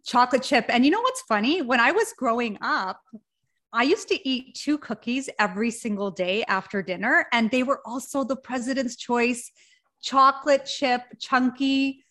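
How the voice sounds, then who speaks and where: A woman's voice: fairly high pitch, moderate pace, a bit bright. A woman from Canada, a podcast guest, chatting in a giggly, upbeat way. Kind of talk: casual interview chat.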